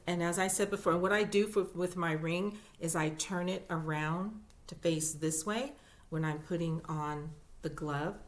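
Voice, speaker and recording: A woman talks through her crochet projects in a casual vlog, chatty and gushing as she goes. Her voice sits on the low side and her pace is slow and unhurried. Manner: chatty and gushing, with fillers and repeats. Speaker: crochet YouTuber. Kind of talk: casual show-and-tell vlog.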